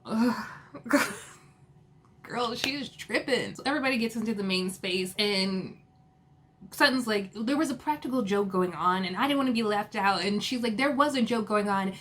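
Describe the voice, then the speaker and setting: A woman casually recapping a reality TV episode, retelling the drama with laughs, quick asides and lively quoted lines. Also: medium pitch, a little hiss or hum. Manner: animated retelling, quoting others with laughs and asides.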